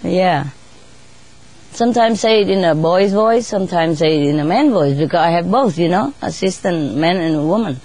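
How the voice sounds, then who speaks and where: A woman chatting casually in non-native English, laughing often and sometimes mimicking birds in a squeaky voice. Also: expressive, normal speed, a little mellow. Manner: laughs often between phrases; imitates birds in high squeaky voice. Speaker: bird keeper telling stories. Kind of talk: casual storytelling.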